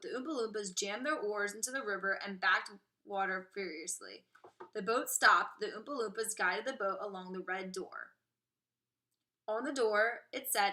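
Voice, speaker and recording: A woman teacher reading a children's novel aloud to her class with expressive, clear storytelling. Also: mid-range voice, moderate pace. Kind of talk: storybook read-aloud narration.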